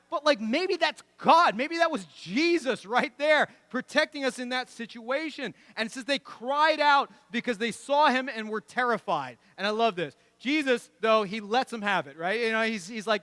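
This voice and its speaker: A male pastor delivering a sermon with a high, bright voice that sits well above most men's. He talks in a loose, animated, conversational way, tossing in asides and chuckles. The sound is close and dry, with little room echo. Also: moderate pace, hardly any pauses. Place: church.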